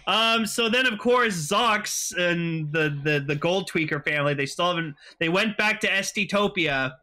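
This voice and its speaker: The voice of a man with a bright, lively tone, set fairly high for his sex. He chats casually on a fan podcast, swears often and breaks into short impressions of characters. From Canada. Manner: animated, acts out characters in quick impressions. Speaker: podcast co-host.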